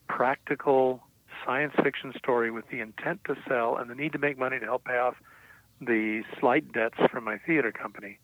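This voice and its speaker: A man's voice: mid-range voice, no room sound. An older man, a writer being interviewed, telling stories about his past with self-assurance and frequent fillers and restarts. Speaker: guest writer. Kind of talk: reflective storytelling. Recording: tinny, dry phone-like line.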